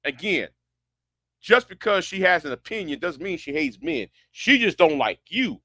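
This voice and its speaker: Sarcastic man ranting, bright voice. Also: high-pitched, big pitch swings, moderate pace, creaky, no room sound. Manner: sarcastic, incredulous, repeats himself. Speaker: online commentator. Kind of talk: ranting commentary.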